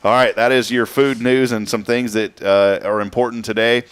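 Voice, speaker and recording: A man hosts a morning show, joking playfully and riffing his way through a casual news roundup. His medium-pitched voice is clear and resonant, with a flat delivery at a moderate pace.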